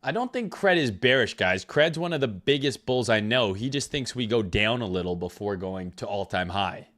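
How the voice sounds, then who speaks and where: This crypto trading streamer, recovering from illness, has a fairly low voice that is animated, a bit bright, and moderately paced. He talks loosely and profanely and calls out viewers' chat names to greet them.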